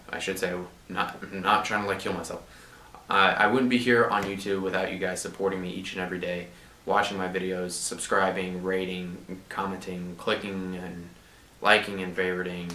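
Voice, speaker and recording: Low-voiced man with a sore throat. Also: a little hiss or hum. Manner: monotone delivery. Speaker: YouTube channel host. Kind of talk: casual card-game commentary. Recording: roomy, echoey room.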